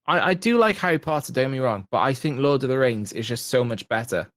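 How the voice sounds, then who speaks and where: A man's voice: mid-range voice, animated, fast talker, fairly bright tone, dry recording. A man talking as a guest on a podcast, enthusiastic and rambling with many restarts. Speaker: podcast guest, content creator. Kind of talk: casual chat.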